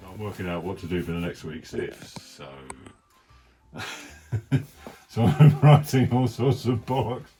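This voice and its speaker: A man with a deep voice talks through his sketchbook in his studio. He rambles loosely, mutters asides under his breath, swears casually and chuckles along the way. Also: expressive, a little slow, pauses often, dark tone, soft background music. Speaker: cartoonist.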